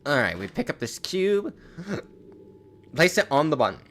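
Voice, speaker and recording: A man's voice: on the high side, sing-song, moderate pace, fairly bright tone. A young man streaming a game in casual chat, rambling and restarting his words, with a slightly sore throat. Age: young adult.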